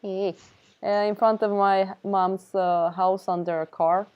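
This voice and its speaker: A woman hosts a relaxed art stream and chats in an easygoing way while she draws. Her talk is loose and she makes light of herself. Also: medium pitch, slow, clear, resonant tone, highs cut off. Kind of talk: casual chat while drawing.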